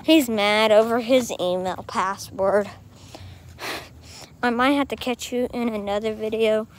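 A woman chatting excitably to camera in a casual vlog, at times out of breath. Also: a little high, a little slow. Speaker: vlogger. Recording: faint background noise.

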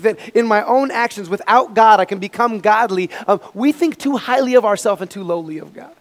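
A man with a high voice preaches a sermon to his congregation. He swings between loud, emphatic peaks and quiet asides. His voice carries a long reverb through the church hall. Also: a little fast, hardly any pauses. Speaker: pastor. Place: church sanctuary.

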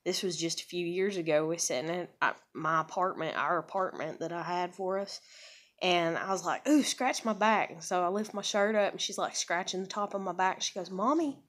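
On a casual vlog, an adult woman who has a child tells personal stories, rambling frankly and swearing freely with lots of fillers and restarts. Her voice sits on the low side, a bit bright, fairly even in intonation and slightly fast.

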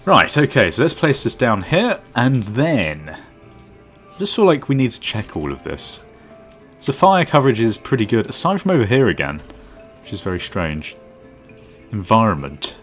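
Game commentator, male, lowish voice with lively swings, chatty and self-mocking, soft music under him. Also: normal speed. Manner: thinks aloud, self-mocking asides. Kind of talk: casual let's-play commentary. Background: faint background music.

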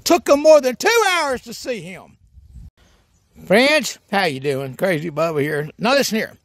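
A man playing a hillbilly comic, very high voice, lively sing-song delivery, folksy hoots, dry close sound. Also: a little slow, no room sound. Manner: folksy drawl with hoots and cackles. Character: goofy rural hillbilly man, cheerful and dim. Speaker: comedy sketch character host. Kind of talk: hillbilly comedy monologue.

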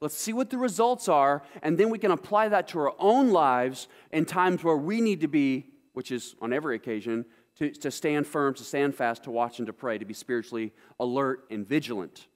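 A man's voice: on the high side, lively intonation, moderate pace, few pauses. A male pastor delivering a sermon, reading scripture and asking his congregation emphatic rhetorical questions. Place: church sanctuary.

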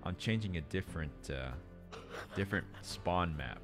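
A man streaming a multiplayer game in casual chat, excitably directing the group and swearing casually. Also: low-pitched, normal speed. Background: game music.

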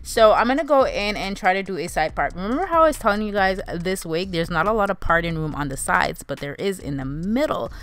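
A woman's voice: medium pitch, expressive, brisk, hardly any pauses, fairly bright tone. A young woman narrating a wig tutorial in a casual, chatty way, calling her viewers "you guys" and "honey". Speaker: beauty vlogger.

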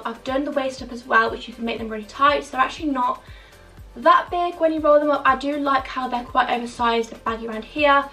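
A young woman with a raised, gravelly voice gushes about clothes in a chatty, filler-heavy way. She sounds a little out of breath and sits back from the microphone, with faint music playing behind her. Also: a little high, a bit bright. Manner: bubbly, gushing, chatty with many fillers. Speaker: fashion vlogger. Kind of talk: casual try-on haul chat. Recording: distant mic with faint background music.

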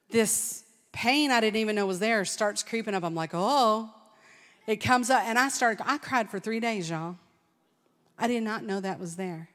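A conference speaker with a mid-range voice gives an animated testimony sermon in a large church hall, with a long hall reverb. She tells stories with laughs and acts out quotes.

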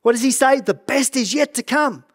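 A middle-aged man preaching a sermon as pastor of a church, earnest and animated, often stumbling and repeating words. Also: extremely high pitch, normal speed.

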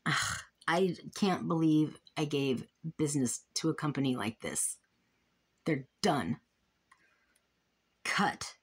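A woman's voice: low voice, expressive, a little slow, husky. Frustrated woman vlogging a complaint. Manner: frustrated, exasperated, rambling with restarts. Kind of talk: casual complaint vlog, reading out emails and complaints.

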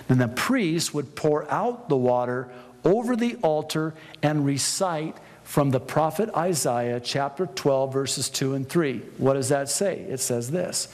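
Man, pastor, sermon, unhurried preaching, long hall reverb. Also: medium pitch. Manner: slow deliberate preaching, rising to impassioned shouting.

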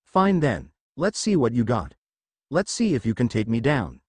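A confident young ninja hero answers bluntly, sounding barely impressed, as a man reads him aloud. The intonation is animated, and the recording is dry and close. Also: medium pitch, moderate pace, slightly rough, no room sound. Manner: blunt, unimpressed.

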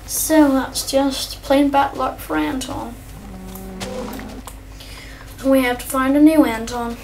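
A young male gamer doing rambling, excitable let's-play commentary, chatting to his viewers and his in-game pet. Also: sits high, slow pace, gravelly, background noise. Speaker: gameplay commentator. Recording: distant mic with faint keyboard typing.

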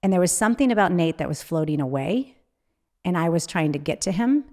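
A woman's voice: on the low side, animated, warm tone. A woman being interviewed as an author, talking candidly and emotionally, often restarting her sentences. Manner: emotional, halting, with frequent restarts. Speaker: guest, author.

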